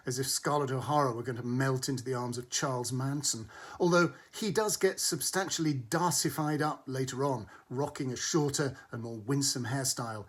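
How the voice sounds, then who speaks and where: A man's voice: medium pitch, husky. A man giving a scripted film review, speaking with a wry, arch wit. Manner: wry, arch, witty delivery. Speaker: film critic.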